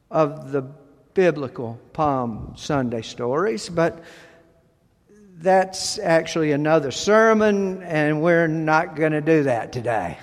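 A man preaching a sermon as pastor, speaking deliberately and with emphasis, pausing between phrases. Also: sits high, big-room sound.

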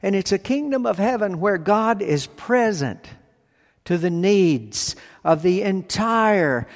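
A man preaching a sermon from the pulpit, speaking in slow, deliberate phrases with long pauses. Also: sits high. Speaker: pastor. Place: church sanctuary. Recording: long hall reverb.

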